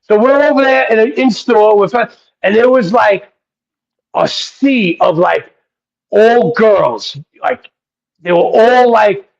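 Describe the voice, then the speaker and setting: A man being interviewed as a guest rapper, telling excited, rambling anecdotes full of profanity. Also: high-pitched, slow pace, vocal fry. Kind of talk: casual interview storytelling. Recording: dull lo-fi audio.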